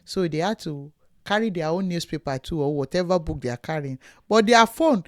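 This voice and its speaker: A woman's voice: lowish voice, expressive, brisk. A woman co-hosting a casual chat, speaking emphatically, telling anecdotes and asking rhetorical questions. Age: adult parent. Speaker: co-host.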